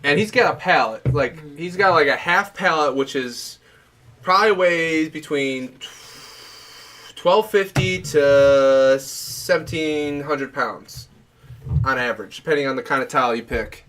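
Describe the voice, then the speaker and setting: A man's voice: a little high, measured pace, a bit bright, a little hiss or hum. A man co-hosting a podcast, rambling through a work anecdote with swearing. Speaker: podcast co-host. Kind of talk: casual chat, storytelling.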